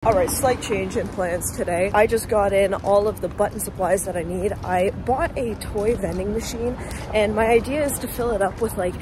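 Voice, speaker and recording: A woman's voice: medium pitch, normal speed, over music, poor audio. A young woman from Canada, a musician talking casually to her vlog camera, chatty and self-mocking. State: rough throat. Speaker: musician vlogger.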